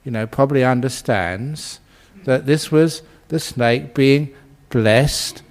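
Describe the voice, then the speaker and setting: During a dharma talk, a male Buddhist monk and teacher shares a humorous story, chuckling frequently as he goes. His manner is easygoing and full of "you know"s, delivered slowly in a mid-range voice.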